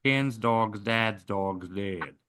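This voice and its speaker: A man's voice: lowish voice, drawn-out words, fairly bright tone, clean tone. A man co-hosting a podcast, hesitantly trying out a voice exercise. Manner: hesitant, unsure. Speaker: podcast co-host. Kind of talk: casual chat, voice practice.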